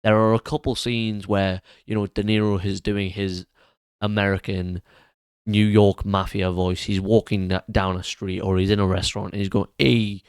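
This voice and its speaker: A man's voice: lowish voice, level tone, normal speed, a little mellow, smooth, dry recording. A man giving a spoken film review, blunt and earnest in his criticism.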